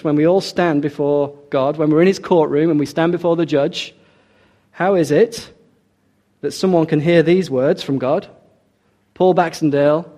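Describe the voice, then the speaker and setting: A man's voice: fairly high pitch, warm tone. A middle-aged man preaching a sermon, emphatic and repeating his key points for the congregation.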